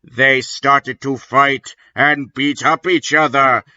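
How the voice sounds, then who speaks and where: A man giving a comedic dramatic reading in dry, deadpan narration, on a dull lo-fi recording. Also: medium pitch, slow. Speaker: reader.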